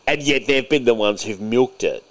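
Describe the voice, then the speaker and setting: A man's voice: mid-range voice, normal speed. A man co-hosting a casual podcast, ranting sarcastically and swearing freely. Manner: ranting, sarcastic, puts on mocking voices. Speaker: podcast co-host.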